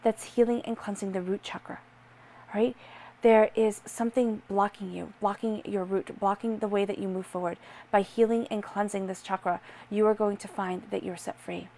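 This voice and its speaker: A woman's voice: mid-range voice, steady tone, moderate pace, mellow. A woman talks the listener through a tarot spread. She speaks in an earnest, reassuring way and addresses the listener directly. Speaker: tarot reader. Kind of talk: tarot reading to camera.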